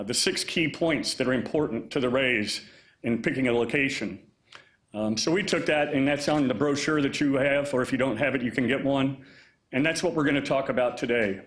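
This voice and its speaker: A man speaking as mayor at a press conference, relaxed and chatty with frequent fillers. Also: medium pitch. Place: indoor press conference room. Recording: echoey room.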